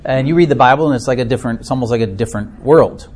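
Midwestern guy, middle-aged, leading a casual church group chat, lots of ums, easygoing and self-deprecating, normal pitch. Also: racing, darkish tone. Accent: Upper Midwest American. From Minnesota. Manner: chatty and self-deprecating, many fillers. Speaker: church discussion leader. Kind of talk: informal talk to a small group.

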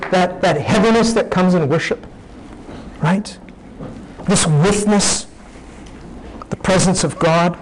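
A man's voice: sits high, takes it slowly, long pauses, noisy background. A man preaching a sermon, teaching in a conversational way, often restarting his sentences.

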